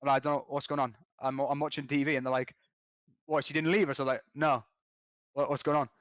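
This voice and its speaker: A man guesting on a podcast, telling a gaming story in an animated, slangy way with quick restarts. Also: mid-range voice, no room sound. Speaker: podcast guest, competitive gamer.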